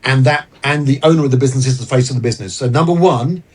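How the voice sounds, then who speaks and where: A man guesting on an interview, explaining business ideas in an earnest, animated way. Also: mid-range voice, very fast, husky. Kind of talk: casual interview talk.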